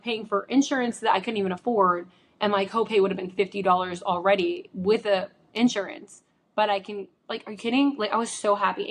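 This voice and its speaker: Podcast host, woman, under the weather, rambling and chatty, mid-pitched, light background hiss. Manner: chatty, rambling, lots of likes and ums. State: sick with a chesty cough. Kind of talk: casual solo podcast storytelling. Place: home room. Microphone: studio microphone.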